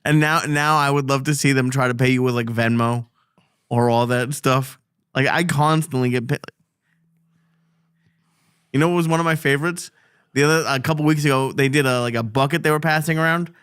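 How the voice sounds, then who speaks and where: Male co-host, mid pitch, dry close mic; asks questions, laughs easily. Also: steady tone, fairly quick, long pauses, fairly bright tone, clear, resonant tone, no room sound. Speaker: podcast co-host. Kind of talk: casual chat.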